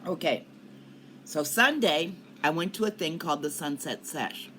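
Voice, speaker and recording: A woman's voice: low voice, lively intonation, a little slow, a bit bright, a little hiss or hum. An older woman chatting casually to her viewers in a rambling way, coughing often. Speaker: cannabis vlogger. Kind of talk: casual chat to camera. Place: at home in Colorado.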